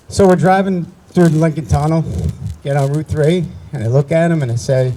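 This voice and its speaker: A man's voice: a little high, fairly quick, hardly any pauses, dark tone, slight background noise, poor audio. A man in his sixties from New Jersey, speaking at a memorial ceremony and telling family stories in a conversational way, with frequent restarts. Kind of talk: personal storytelling speech.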